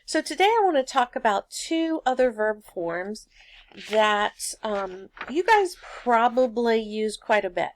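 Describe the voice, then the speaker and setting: A woman's voice: on the high side, no room sound. A woman teaching a recorded grammar lesson, patiently explaining step by step with everyday examples.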